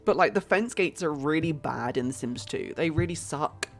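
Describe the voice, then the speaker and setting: Low-pitched and expressive, a British woman's voice moves at a normal pace over soft background music. She's streaming a life-sim game, offering easygoing commentary, reasoning out loud and saying hi to chat viewers.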